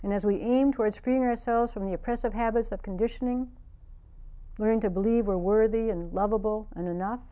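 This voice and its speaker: A woman's voice: medium pitch, steady tone, brisk, mellow. A woman, a meditation teacher, giving a spiritual talk built around a personal story, earnest and reflective.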